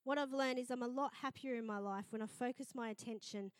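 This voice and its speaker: A middle-aged woman pastor, preaching a sermon in a lively storytelling manner. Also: on the high side, a little fast, no echo. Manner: lively storytelling, acting out quoted voices.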